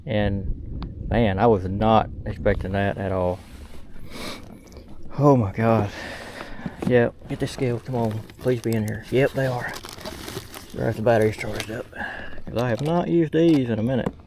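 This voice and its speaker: A man's voice: lowish voice, measured pace, pauses often, darkish tone, a little hiss or hum. A young man, talking casually to a camera mounted on his kayak outdoors as he fishes, plainspoken with lots of fillers. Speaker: fishing vlogger. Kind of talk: casual outdoor vlog narration.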